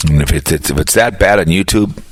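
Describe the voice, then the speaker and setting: A man's voice: low voice, brisk, slight background noise. A man hosting a live stream who rants in a blunt, grumbling, profane way. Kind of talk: ranting live-stream monologue.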